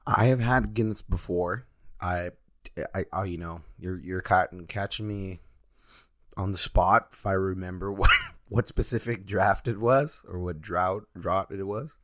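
A young man from Texas with a very low voice, recorded close and dry. He rambles in an easygoing, joking way as a podcast co-host. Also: measured pace, a bit bright, no echo. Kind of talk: casual chat.

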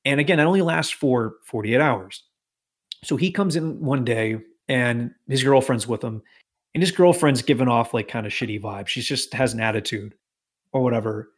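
A man from Massachusetts tells a story on a casual podcast. He is animated and profane. He acts out the people in his story in quick put-on voices. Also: medium pitch. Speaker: podcast host telling a work story.

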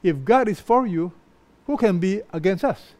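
A middle-aged man preaching a sermon, slow and emphatic, with frequent pauses between short phrases. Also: sits high, expressive, darkish tone.

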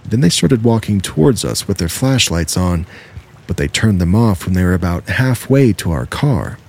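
A man with a low, husky voice plays a frightened husband in a horror story, talking in a tense, urgent rush. He sounds slightly higher than his narrating voice, pressed with worry. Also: very animated, normal speed, darkish tone, full character voice. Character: panicked husband guarding a parked car.

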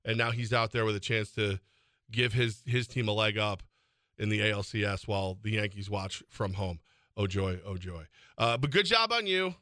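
A man in his forties hosting a sports radio show, teasing his co-host and telling animated stories in casual banter. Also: on the low side, normal speed, dry recording, studio quality. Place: radio studio. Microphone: studio microphone.

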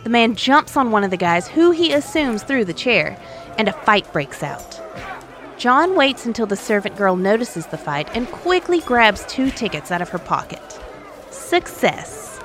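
A woman's voice: mid-range voice, big pitch swings, moderate pace, a bit bright, soft background music. Playful woman storyteller. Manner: playful, conversational. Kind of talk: narrating an adventure story.

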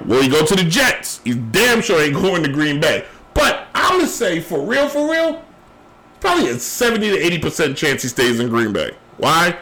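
In a low-quality recording, a man with a slightly high, sharp-toned voice hosts his own solo sports show. He rambles emphatically through his opinions, circling back to key phrases. Worn from a long day, he sounds tired and is losing his voice.

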